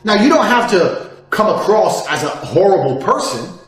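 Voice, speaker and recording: A man in his thirties giving a brash, profane monologue, boasting and swinging from loud outbursts down to low mutters. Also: sing-song, moderate pace. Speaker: self-improvement speaker. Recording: echoey room with faint music.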